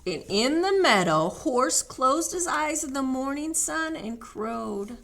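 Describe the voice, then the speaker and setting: Lively woman reading a story to kids. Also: high-pitched, creaky. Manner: slow, animated reading with questions to children. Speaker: children's librarian. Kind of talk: children's story time read-aloud.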